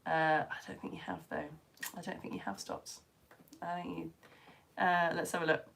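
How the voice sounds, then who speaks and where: A woman's voice: lowish voice, flat delivery, normal speed, gravelly, fairly bright tone. A woman teaching children's science lessons, chatting on a live stream into her phone as she reads out viewers' comments and calls out their names. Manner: bubbly, chatty, exclaiming names.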